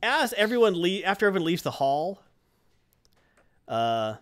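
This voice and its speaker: A man hosting a casual chat, animatedly retelling a comic and acting out its lines. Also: sits high. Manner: animated retelling, acts out dialogue in quick voices. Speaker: podcast host recapping a comic.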